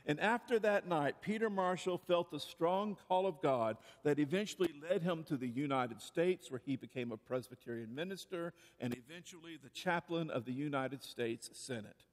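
Male pastor, sermon, earnest and rhetorical, slightly high voice, long reverb. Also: moderate pace, few pauses. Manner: earnest, rhetorical, repeated questions.

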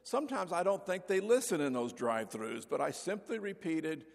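An older man preaching a sermon as pastor, telling folksy stories and acting out the voices in them, with a gravelly voice. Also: high-pitched, sing-song, normal speed, in a large hall. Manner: folksy storyteller, acts out voices. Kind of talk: sermon with anecdotes. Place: church sanctuary.

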